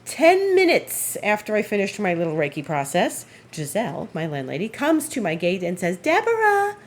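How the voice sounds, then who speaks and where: A woman's voice: fairly low pitch, sing-song, normal speed, slight background noise. A woman host telling a story in a casual, amused way, chatting at home. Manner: chatty, amused, acts out others' lines in raised voice. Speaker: astrologer and Reiki practitioner, show host.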